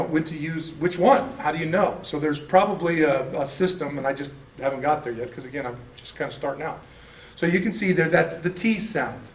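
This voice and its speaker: A man teaching a beginner's class in a casual, folksy way, often correcting himself as he explains. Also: on the high side. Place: church classroom. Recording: echoey room, mic at a distance.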